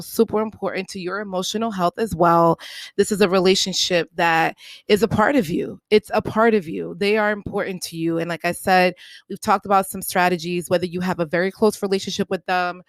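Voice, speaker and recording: A woman's voice: on the low side, dry recording. A woman hosting her own podcast, speaking in an earnest, encouraging way and repeating her points for emphasis, with the odd playful aside. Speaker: podcast host. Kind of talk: solo podcast monologue.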